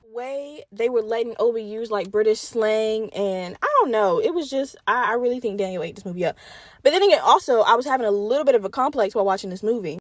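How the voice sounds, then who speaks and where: A young woman hosts her podcast in an animated, profane, casual way, talking straight to her listeners. Her voice sits a little high. The recording is dry and close, with no room sound. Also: no echo. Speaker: podcast host. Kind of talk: casual solo chat.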